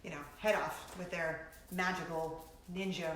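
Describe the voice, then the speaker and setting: A middle-aged woman hosting a casual chat vlog, telling stories with animated energy, laughing often and acting out shrieks. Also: fairly low pitch, a little slow, roomy sound, heavy background noise. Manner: animated storytelling, breaks into laughter, acts out shrieks. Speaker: vlogger host.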